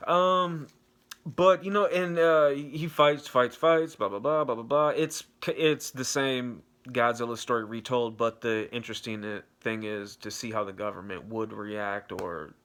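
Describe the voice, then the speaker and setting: A man's voice: mid-range voice, steady tone, unhurried, a bit bright. Rambling, profane young man reviewing a movie. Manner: rambling, profane, loose and unscripted. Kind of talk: casual spoken movie review.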